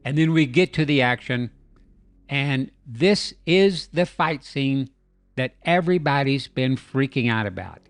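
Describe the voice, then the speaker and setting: A man's voice: mid-range voice, expressive, measured pace, dry recording. Jokey man narrating a video breakdown. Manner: jokey, playful storytelling. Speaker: YouTube host. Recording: dry voice-over with faint music.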